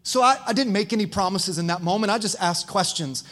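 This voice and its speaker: A pastor with a high, bright-toned male voice delivers a lively sermon. He tells stories with animation and keeps calling out to the congregation to respond. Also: a little fast. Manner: preaching with crowd call-outs; animated storytelling.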